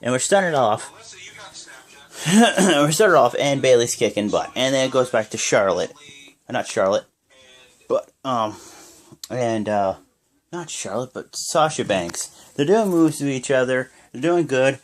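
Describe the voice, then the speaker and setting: A man's voice: mid-range voice, expressive, a little slow, pauses often. A sleepy young man giving rambling, casual reaction commentary, often stopping to correct himself. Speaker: wrestling reaction vlogger.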